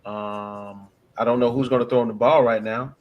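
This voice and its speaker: A man's voice: medium pitch, steady tone, moderate pace, highs cut off. A man hosting a casual sports chat, joking around and building hype as he makes his picks. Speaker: host.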